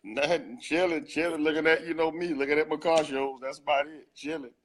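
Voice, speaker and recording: A man's voice: on the high side, steady tone, a little fast, fairly bright tone, slight background noise. A man with a North Florida Southern accent, chatting on an online call as guest co-host in a laid-back, teasing way with Southern slang. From Jacksonville, Florida. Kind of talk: casual chat.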